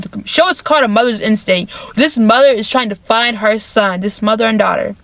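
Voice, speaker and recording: A woman's voice: fairly high pitch, brisk, creaky, few pauses, fairly bright tone, no room sound. A woman vlogger retelling a movie plot in casual chat, repeating herself and filling with "like". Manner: chatty, repeats phrases, many "like" fillers.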